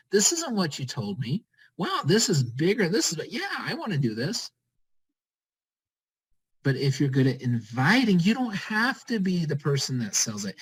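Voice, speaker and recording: Energetic man giving a pep talk. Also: a little high, breathy edge, rough recording. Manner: energetic, repetitive, urging listeners with short commands. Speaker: team leader on a network-marketing call. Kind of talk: motivational pep talk on a group call.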